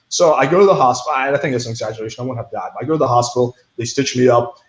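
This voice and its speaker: A man's voice: mid-range voice, fairly even intonation, very fast, few pauses. A young man telling a story in a casual interview, blunt and profane, full of fillers like "like" and "right". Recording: echoey room.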